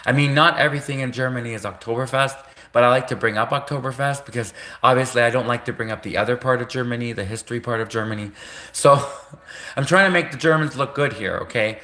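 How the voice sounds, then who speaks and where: A man hosts a livestream in a loose, rambling monologue. He circles back, restarts lines and repeats himself. His voice sits at a middle pitch with a bright, forceful edge. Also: fast talker. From Canada. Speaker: livestream host.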